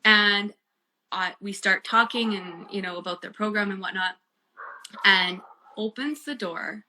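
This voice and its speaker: A woman, a guest and bereaved mother, telling a personal story in casual chat, earnest and animated with many fillers. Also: medium pitch, measured pace, a little hiss or hum. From Canada.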